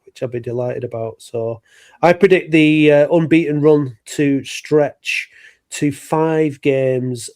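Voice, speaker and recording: A man hosting a podcast, chatting casually and halting with many fillers. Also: mid-range voice, dark tone. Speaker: podcast host. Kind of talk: casual chat.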